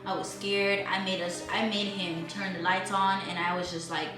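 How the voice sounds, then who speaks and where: A young woman vlogger telling a story in casual slang while cooking, acting out her own past lines loudly. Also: mid-range voice, flat delivery, moderate pace. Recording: roomy echo, mic far off, music behind.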